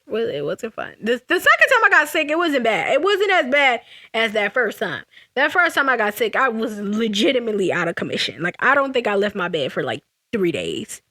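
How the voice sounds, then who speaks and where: A young woman with a high, bright voice tells a storytime to her camera. She talks with a sassy, animated swing and jumps all over her range. The sound is close and dry. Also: fairly quick, hardly any pauses, no room sound. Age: young adult. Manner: animated and sassy, laughing, frequent restarts. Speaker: vlogger. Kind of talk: casual storytime vlog.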